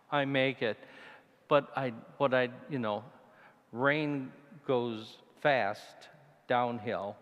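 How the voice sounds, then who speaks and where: A male deacon tells his story slowly, from the pulpit of a church with a long, ringing reverb. His voice sits in a middle range but leaps way up when he recalls moments of fear, then sinks low and hushed. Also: lo-fi sound. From Italian heritage. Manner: storytelling, animated, voice jumps high when retelling fear. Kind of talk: mission talk, personal story.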